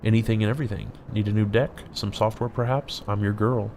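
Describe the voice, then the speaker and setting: A man voicing a female dwarf tech vendor in a video game, reading her lines plainly and briskly without putting on an accent. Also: on the low side, steady tone, darkish tone, slight background noise, lightly acted. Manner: plain read-aloud dialogue, no accent attempted.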